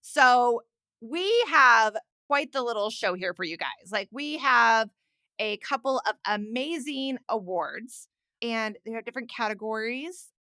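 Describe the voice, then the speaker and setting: A woman's voice: fairly high pitch, expressive, bright, forceful tone, dry recording, studio quality. A woman co-hosting a parenting podcast, casual and supportive, often chiming in to agree. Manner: supportive, quick agreeing interjections. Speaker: podcast co-host. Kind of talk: casual chat.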